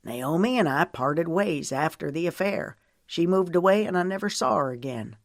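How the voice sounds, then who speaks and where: A woman's voice: lowish voice, animated, normal speed, no echo, studio quality. A woman voicing a guarded man in an audiobook who turns firm and clipped when pressed. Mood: curt.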